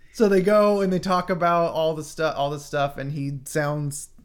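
A man chats casually about a movie, drifting through fillers and restarts and laughing as he goes. His voice sits a little high for a man. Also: little pitch movement, unhurried, smooth. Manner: rambling with frequent fillers and laughs. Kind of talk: casual chat reviewing a film.

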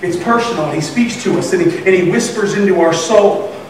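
A man's voice: high-pitched, brisk, a little hiss or hum. A man preaching a sermon as pastor, telling stories animatedly and acting out the voices of the people in them. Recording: echoey room from far off.

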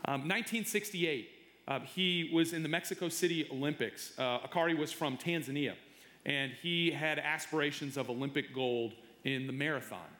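Middle-aged male pastor, sermon, halting delivery with repeats, slightly high voice, roomy hall. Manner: halting, repeats words, animated when telling stories. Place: church sanctuary. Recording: echoey hall reverb. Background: long hall reverb.

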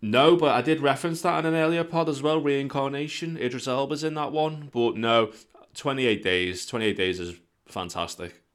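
A man's voice: medium pitch, normal speed. A man, co-hosting a podcast in casual, sweary banter. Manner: sweary, animated storytelling. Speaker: podcast co-host.

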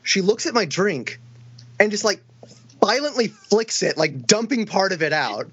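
A man's voice: sits high, very animated, normal speed, fairly bright tone, slightly rough, dry recording. A young man co-hosting a podcast, telling rambling stories with lots of swearing and laughter, on a dull lo-fi recording. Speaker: podcast co-host. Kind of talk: casual chat.

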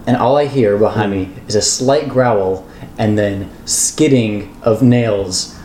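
A young man co-hosts a casual podcast and rambles through a story, tripping over his own words and laughing at himself. His voice is dark and mellow. The recording is roomy, with a faint ambient hiss underneath. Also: lowish voice, slow. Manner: rambling, self-mocking, repeats words while telling a story. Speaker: podcast co-host.

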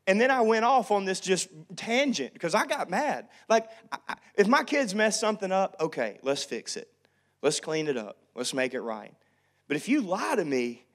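A pastor in his thirties preaching a sermon, acting out family quarrels and swinging from loud to hushed. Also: high-pitched, sing-song, normal speed.

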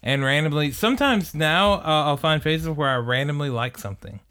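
A man's voice: fairly high pitch, animated, moderate pace, pushed and bright, clear, resonant tone. A man co-hosting a podcast in laid-back, joking casual chat. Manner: laid-back, joking, says "dude" a lot. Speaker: podcast co-host.

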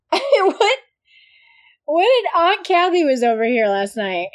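A woman in casual chat who reacts with shocked swearing and talks in an unhurried way. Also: very high-pitched, huge pitch swings.

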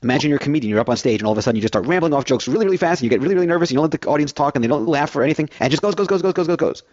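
A man's voice: medium pitch, expressive, racing, darkish tone, no room sound, lo-fi sound. A man filling in as host of a financial radio show, rambling through everyday analogies.

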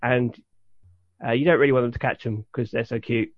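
A man's voice: medium pitch, steady tone, brisk, no echo. A man co-hosting a podcast, chatting casually and rambling with many restarts and fillers. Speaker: podcast co-host. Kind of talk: casual chat. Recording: dull lo-fi sound.

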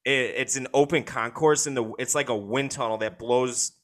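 A man's voice: medium pitch, normal speed. A man with a Chicago accent chatting on a podcast, rambling happily about food with enthusiasm. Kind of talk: casual chat.

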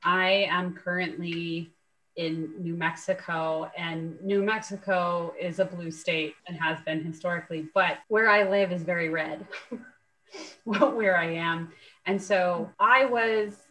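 A woman co-hosting a podcast, telling a story in an animated way with frequent laughs. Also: lowish voice, poor audio. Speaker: podcast co-host. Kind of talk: casual storytelling.

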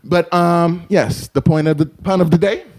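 A man's voice: a little high, steady tone, moderate pace, a little mellow. A man co-hosting a podcast, arguing heatedly, swearing and talking over others. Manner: argumentative, profane, talks over others. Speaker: podcast co-host. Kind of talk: heated casual debate.

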